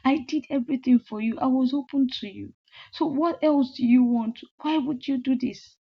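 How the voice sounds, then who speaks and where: A woman's voice: high voice, moderate pace, gravelly, slightly rough, heavily acted. A woman voicing a betrayed young woman asking in hurt disbelief why her friend turned on her. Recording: slightly muffled lo-fi audio.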